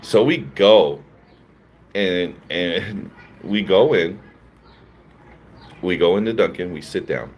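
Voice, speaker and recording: Philly guy streaming, telling a story slow and lively, laughs a lot, lowish voice. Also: a little hiss or hum. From Philadelphia. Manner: laughs often, animated slangy storytelling. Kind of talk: casual storytelling to live chat.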